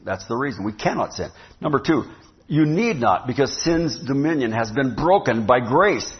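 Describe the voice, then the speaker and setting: A man's voice: mid-range voice, animated, normal speed. A man preaching a sermon to his church in a conversational way, often asking the congregation questions. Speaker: pastor. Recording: dull lo-fi sound.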